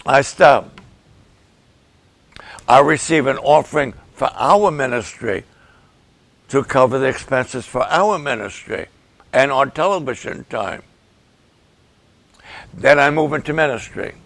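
A male pastor preaching to the camera, slow and emphatic, repeating key phrases for weight. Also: mid-range voice, creaky. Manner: slow, deliberate, emphatic with repetitions.

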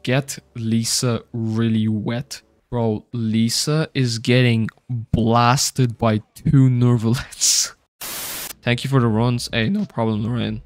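A young man streaming a video game, reacting loudly, swearing and reading his chat aloud. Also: medium pitch, slow, soft background music. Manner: excitable, swears a lot, reads chat aloud. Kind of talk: gaming livestream commentary.

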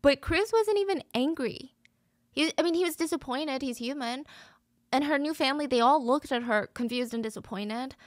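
A woman's voice: high voice, moderate pace, no echo, clean studio sound. A woman hosting a true crime podcast, telling the story in a chatty, conversational way. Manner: chatty, conversational, acts out quotes.

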